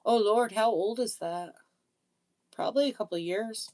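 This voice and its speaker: A woman's voice: on the high side, normal speed, a little mellow. A woman live streaming in casual chat. She is chatty and self-deprecating, and she laughs often.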